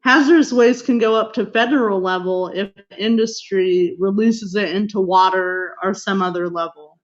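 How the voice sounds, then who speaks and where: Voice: medium pitch, moderate pace. A guest speaker presenting a lecture on a video call, explaining steadily with occasional fillers. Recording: muffled video call audio.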